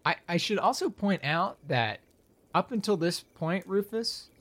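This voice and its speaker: A man's voice: sits high, lively intonation, unhurried, a bit bright. A man narrating a fantasy scene as game master, in loose, rambling speech full of fillers.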